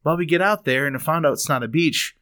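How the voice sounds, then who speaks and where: A man hosting a casual podcast, spinning a comic story and laughing his way through it. His voice sits a bit high and sounds bright and forward. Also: fast talker. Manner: animated, laughs while telling a story. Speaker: podcast host.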